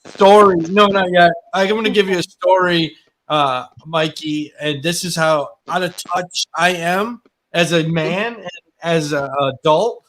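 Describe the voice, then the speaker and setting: A middle-aged man with a high, bright voice, telling a story on a casual talk show. He talks in an animated way and exclaims in disbelief. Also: measured pace. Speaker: co-host. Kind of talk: casual radio chat.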